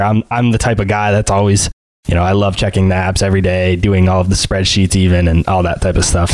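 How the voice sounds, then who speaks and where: Low-voiced male podcast host, dry. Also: darkish tone, no room sound. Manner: friendly, relatable, asks long lead-in questions. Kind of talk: interview hosting.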